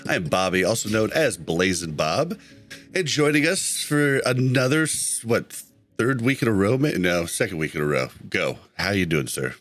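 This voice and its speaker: A man's voice: on the low side, animated, moderate pace, fairly bright tone, soft background music. A man hosting a casual gaming podcast over an online call, laughing easily and correcting himself as he goes. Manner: laughs often, loose and self-correcting. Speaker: podcast host.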